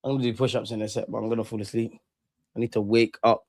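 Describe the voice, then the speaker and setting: With a lowish, level voice and a quick pace, this young man streams a football watchalong, offering slangy, bored-sounding live commentary on the match. There's no echo.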